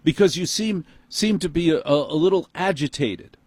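A man's voice: fairly high pitch, moderate pace, darkish tone, slightly rough, no room sound, pitched above the performer's own voice. A man with a New York accent voicing a snippy, condescending male store manager in a raised, prissy voice.

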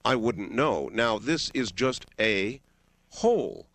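A man's voice: on the low side, slow pace, fairly bright tone. A man hosting a late-night call-in radio show, easygoing and musing, drawing out his questions. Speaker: radio talk show host. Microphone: studio microphone.

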